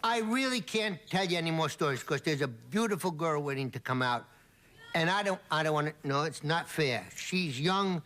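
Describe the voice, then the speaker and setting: A man, a comedian guest on a talk show, telling jokes in a lively storytelling manner. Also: fairly high pitch, moderate pace. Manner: animated storyteller doing voices. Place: TV studio with live audience. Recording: 1980s TV broadcast, audience noise.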